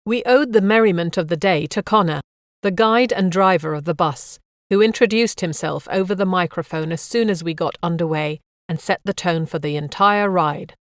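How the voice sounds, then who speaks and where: A woman narrating a memoir audiobook in a calm, measured reading voice. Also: on the low side, no echo, clean studio sound.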